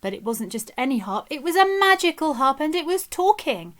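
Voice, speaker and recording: A woman telling a children's story in an expressive, dramatic way. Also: sits high, a little fast, few pauses. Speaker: nursery teacher storyteller.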